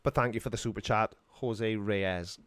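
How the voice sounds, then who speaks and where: A man's voice: lowish voice, steady tone, moderate pace, fairly bright tone, smooth, no echo. Chatty Welsh man, dry sound. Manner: rambling and jokey, laughs often. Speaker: live stream host answering chat questions. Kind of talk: casual live stream chat. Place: small home studio.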